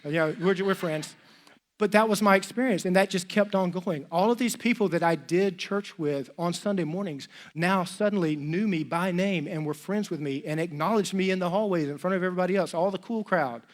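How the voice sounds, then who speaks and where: A middle-aged man preaching from a church stage, telling a personal story in a lively, chatty way and acting out the dialogue. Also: high-pitched, brisk, hardly any pauses. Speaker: pastor. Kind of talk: storytelling sermon.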